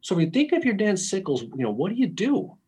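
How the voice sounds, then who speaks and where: A man co-hosting a podcast, talking through history in an animated, analytical way with many restarts. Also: high voice, fast talker, breathy edge. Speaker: podcast co-host. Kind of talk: casual history discussion.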